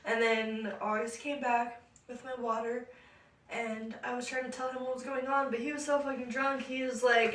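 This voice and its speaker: A young woman co-hosting a podcast, telling a story in a casual, animated way, laughing often and acting out what people said. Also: on the high side, moderate pace, far from the mic. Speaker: podcast co-host. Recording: echoey room, voice off-mic.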